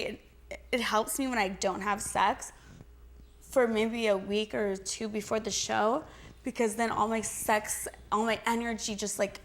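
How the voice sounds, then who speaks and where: A young adult woman answering interview questions in a chatty, giggly way, full of "like" and restarts. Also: mid-range voice. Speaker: interview guest.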